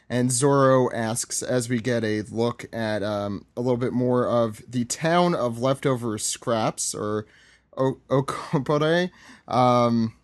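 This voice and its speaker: Man, mid-pitched, jokey casual recap, dry close sound. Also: dry recording. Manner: playful, jokey, reads lines aloud. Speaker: podcast co-host. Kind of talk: casual manga recap chat.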